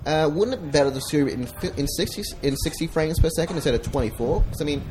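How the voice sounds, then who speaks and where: A man's voice: fairly high pitch, fast, noisy background. A man doing improv comedy, rambling and joking with a playful sing-song delivery.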